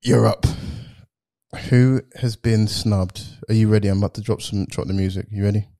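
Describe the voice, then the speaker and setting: A man's voice: fairly low pitch, steady tone, normal speed, warm tone. A man hosting a casual sports panel podcast, upbeat, teasing, and often laughing. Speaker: podcast host.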